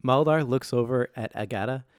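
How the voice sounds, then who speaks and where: A man's voice: medium pitch, brisk, clear, resonant tone, no room sound, studio quality. A man describing his character's actions at a tabletop game, matter-of-fact. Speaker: player.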